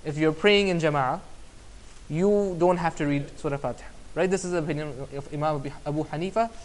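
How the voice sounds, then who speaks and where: Man, Islamic teacher, casual online class, fairly high voice, conversational, keeps asking "right?". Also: fairly quick. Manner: conversational, often asks "right?".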